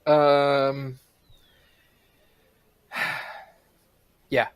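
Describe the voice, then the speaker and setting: A man's voice: medium pitch, monotone, drawn-out words, clear, resonant tone, dry recording, muffled recording. A man playing a tabletop game, speaking in a laid-back way. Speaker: player.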